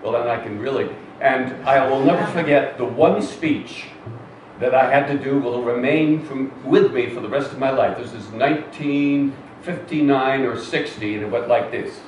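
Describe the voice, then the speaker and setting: A man's voice: mid-range voice, normal speed. An older man, an actor being interviewed on stage, telling anecdotes to a live audience in a chatty, self-deprecating way with fillers and restarts. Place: cinema hall with live audience. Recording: roomy hall, distant mic, faint noise.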